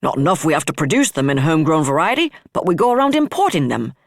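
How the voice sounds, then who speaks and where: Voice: medium pitch, big pitch swings, fast, dry recording. A narrator voicing a dry, joking male nobleman who talks in a wry way.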